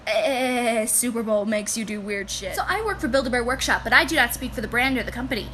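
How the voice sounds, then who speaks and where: A woman who works in a toy store, casually telling funny customer stories to camera, animated and laughing as she goes. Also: a little high, a little fast, slight background noise. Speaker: retail store employee.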